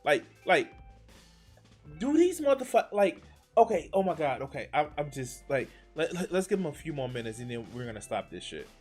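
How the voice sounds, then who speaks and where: A man with a higher voice reacts on a live stream, his pitch swinging widely as he swears and sounds exasperated. He breaks off and restarts sentences often, and his sarcasm cuts through. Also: very animated, moderate pace, a little mellow, breathy edge, soft background music. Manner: trails off and restarts mid-sentence.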